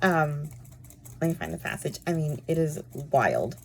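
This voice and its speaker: A woman's voice: deep voice, lively intonation, measured pace, vocal fry, a little hiss or hum. A woman casually chatting about books she read, rambling with lots of fillers. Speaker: book reviewer. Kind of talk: casual book chat.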